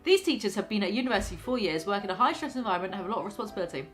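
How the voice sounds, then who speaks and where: A woman's voice: medium pitch, expressive, very fast, soft background music. A woman vlogger reading out a news story and breaking off for sarcastic, mocking commentary. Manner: sarcastic, mocking, laughs at her own jokes.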